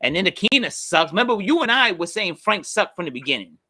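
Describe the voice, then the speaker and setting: A man co-hosting a podcast, talking sports in a casual, animated way and laughing easily. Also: sits high, quick pace, no room sound, studio quality. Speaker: podcast co-host.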